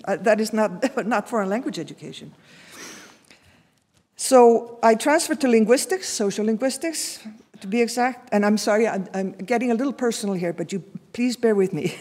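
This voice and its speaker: A woman in her sixties from Iceland, introducing a guest at a seminar in a warm, personal way with restarts and fillers. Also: medium pitch, husky. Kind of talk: formal introduction speech. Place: lecture hall. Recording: long hall reverb.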